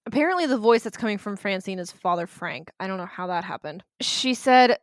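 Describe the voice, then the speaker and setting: A woman's voice: mid-range voice, expressive, a little fast, hardly any pauses, no room sound, clean studio sound. A woman co-hosting a podcast, retelling a haunting in a blunt, sarcastic way, swearing and laughing as she goes. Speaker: podcast co-host. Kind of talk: casual storytelling chat.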